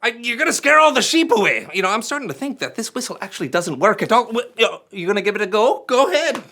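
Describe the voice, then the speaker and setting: A performer playing a goofy, upbeat MC in a comedic children's church skit, lively and prone to excited exclamations. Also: medium pitch, fast, exaggerated voice. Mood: fussing. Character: goofy upbeat kids' show MC character.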